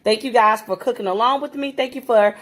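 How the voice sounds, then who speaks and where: A woman's voice: on the high side, a little fast. A woman vlogger talking viewers through a home cooking tutorial in a chatty way, calling them guys and stammering now and then.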